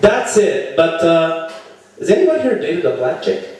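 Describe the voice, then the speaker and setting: A young man performs a crude stand-up routine on a comedy club stage, telling stories and leaping into character voices with big, jumpy swings in pitch. His voice is a little mellow and his pace moderate. The room is very echoey, and he sounds far from the mic.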